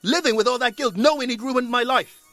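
High-voiced, bright, upset young man who stammers. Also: brisk, no echo, soft background music. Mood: agitated. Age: young adult. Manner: agitated, stammering. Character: agitated young man wrongly jailed.

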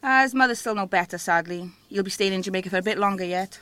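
Actress as a quick-talking, bright-voiced middle-aged woman, forthright. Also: medium pitch, smooth, no echo, lightly acted. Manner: forthright, motherly. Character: determined middle-aged woman cafe owner. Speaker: cafe owner.

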